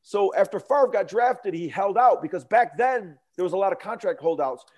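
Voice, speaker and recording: A man's voice: high-pitched, expressive, normal speed, darkish tone. A man co-hosting a casual sports talk show, telling stories and ranting emphatically. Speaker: podcast co-host.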